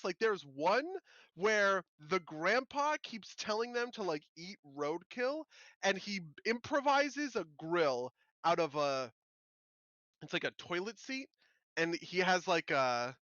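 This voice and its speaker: A man's voice: sits high, bright, forceful tone, no echo, muffled recording. A man co-hosting a podcast in casual chat, rambling and laughing as he mock-quotes TV shows. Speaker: podcast co-host.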